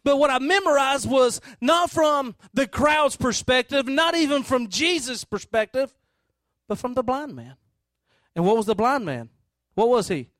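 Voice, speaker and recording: A man's voice: very high-pitched, fairly bright tone, no room sound. A man preaching a sermon, talking conversationally and addressing his audience directly.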